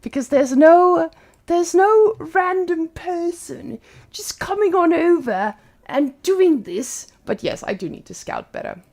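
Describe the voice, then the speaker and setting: A woman giving live gameplay commentary as a streamer, animated and blunt, cursing freely. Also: very high voice, takes it slowly, creaky, soft background music. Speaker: streamer playing a strategy game.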